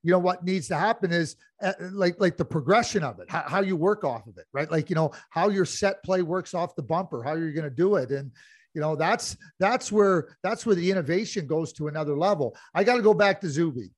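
A man's voice: fairly high pitch, expressive, a little fast, dry recording, clean studio sound. A middle-aged man co-hosting a casual hockey podcast, rambling with many restarts as he tells anecdotes. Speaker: podcast co-host.

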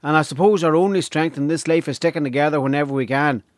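A woman's voice: low voice, fast, no room sound, clean studio sound, close to an everyday voice. A man voicing a mischievous young countrywoman with a Donegal accent, talking in a lilting, teasing, homely way.

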